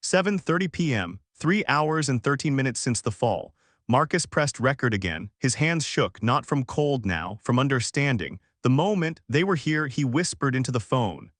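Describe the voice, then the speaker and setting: A man narrating a scripted story in a somber, measured way. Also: mid-range voice, big pitch swings, fairly bright tone, no room sound, clean studio sound.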